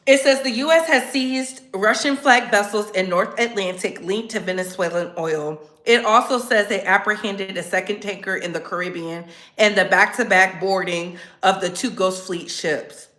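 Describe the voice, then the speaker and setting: A woman hosting her own commentary channel, talking straight to her viewers in a sassy, animated way. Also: mid-range voice, moderate pace, reverberant. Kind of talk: casual commentary.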